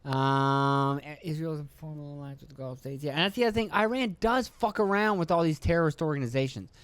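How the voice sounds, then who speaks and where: A man's voice: on the high side, fast, a bit bright, clear, resonant tone, dry recording. A man hosting a solo podcast, reading news notes and breaking off into offhand, profane asides. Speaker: podcast host.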